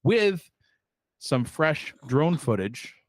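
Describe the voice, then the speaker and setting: A man's voice: fairly high pitch, big pitch swings, drawn-out words, no echo, studio quality. A man hosting a sports show in a loose, rambling way, full of fillers and self-deprecating asides. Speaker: show host. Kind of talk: casual sports show chat.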